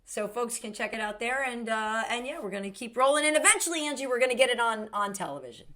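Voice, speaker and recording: Woman host chatting, bright and punchy, laughs a lot. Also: a little high, expressive, quick pace. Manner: chatty, emphatic, laughs easily. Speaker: podcast host, sports anchor. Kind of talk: casual chat.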